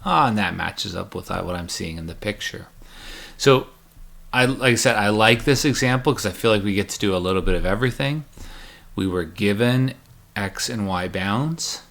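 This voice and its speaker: A man's voice: on the low side, normal speed, gravelly, fairly bright tone. A man teaching a recorded math lecture, chatty and joking as he walks through each step aloud.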